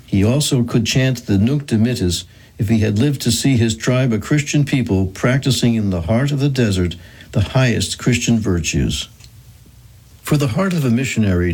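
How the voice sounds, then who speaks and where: A man narrating a historical account in a measured, solemn reading. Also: lowish voice, darkish tone, breathy edge.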